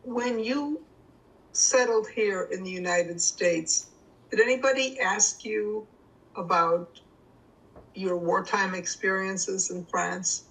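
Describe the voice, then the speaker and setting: Woman, interviewer, measured questions, distant from the mic. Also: mid-range voice, fairly bright tone. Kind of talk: oral history interview questions.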